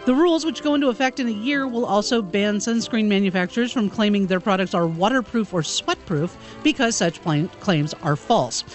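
A woman's voice: mid-range voice, brisk, few pauses, soft background music. A woman co-hosting a radio talk show, joining the banter and reading a news segment. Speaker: radio co-host and news reader.

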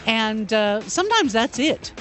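A woman co-hosting a radio talk show, telling stories casually and chatting with lively asides. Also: fairly high pitch, measured pace, faint music behind. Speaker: radio co-host.

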